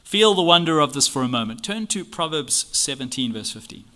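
A man's voice: fairly high pitch, big pitch swings, fairly quick, bright, forceful tone. A man giving an expository Bible lesson on a church confession. He reads passages aloud and presses his points with earnest rhetorical questions. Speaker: Bible teacher.

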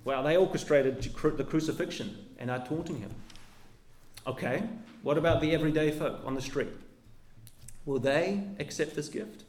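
A man delivers a sermon from the pulpit in a fairly high voice. He preaches earnestly and lets the ends of his phrases sink low and soft. The church room gives his voice a clear echo. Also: moderate pace. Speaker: pastor.

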